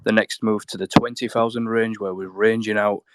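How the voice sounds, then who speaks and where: A man's voice: on the low side, little pitch movement, normal speed, noisy background. A man calling in to a live audio show, talking in a rambling, casual way and laughing at his own slips. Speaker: caller. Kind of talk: casual call-in chat.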